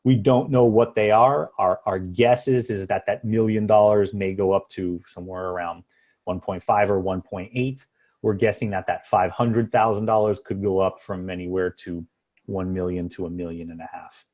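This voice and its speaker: A man's voice: sits low, fairly even intonation, normal speed, darkish tone. A man, an immigration attorney, giving a webinar presentation in an explanatory way with frequent fillers and restarts, over a video call.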